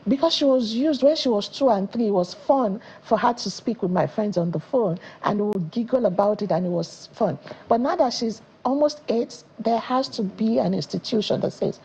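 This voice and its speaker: A woman's voice: mid-range voice, moderate pace, breathy edge, low-quality recording. A woman in her thirties from Nigeria, a parenting educator who tells stories and acts out the lines she quotes on a studio talk show. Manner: animated storyteller, acts out quotes.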